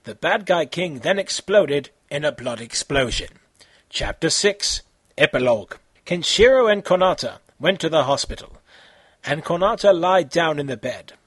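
A man reading his own fan fiction aloud in an amateur, halting way, with slips and self-corrections. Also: fairly high pitch, animated, fairly bright tone, slightly rough, no echo.

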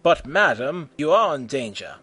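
A man's voice: fairly high pitch, very animated, moderate pace, pushed and bright, breathy edge, heavily acted. A man voicing Super Grover, an eager, bumbling blue furry monster superhero.

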